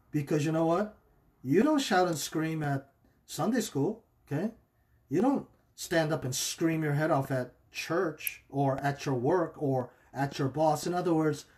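A male pastor speaking in a fairly high voice, relaxed and conversational. He keeps checking in with his listeners with a quick "okay?" and slips into animated voices when he quotes people's excuses. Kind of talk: livestreamed marriage teaching.

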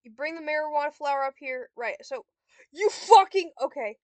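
A woman's voice: high voice, fast talker, no echo. A young woman giving casual gameplay commentary, swearing and snapping frustrated insults at a computer opponent. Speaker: gamer vlogger.

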